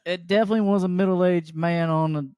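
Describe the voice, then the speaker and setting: A man riffs and jokes crudely while co-hosting a podcast. His voice sits a bit high, recorded close and dry. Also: fairly even intonation, a little fast, a little mellow, clean tone, no room sound. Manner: joking, crude, riffing. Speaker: podcast co-host. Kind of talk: casual chat.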